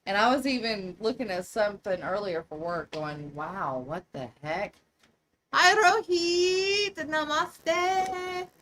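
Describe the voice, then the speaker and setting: A middle-aged woman with a Southern US accent, hosting a casual livestream chat, animated and laughing often. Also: on the low side, moderate pace, hardly any pauses, slight background noise, low-quality recording. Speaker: livestream host.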